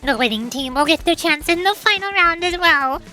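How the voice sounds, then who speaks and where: A bubbly young announcer calling out to the crowd, high-pitched and loud, with showy game-show flair, as a woman reads her lines. Her voice stays lifted and eager. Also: animated, moderate pace, faint music behind, exaggerated voice. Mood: hyped. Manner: bright, showy, hyped. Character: peppy young female event announcer.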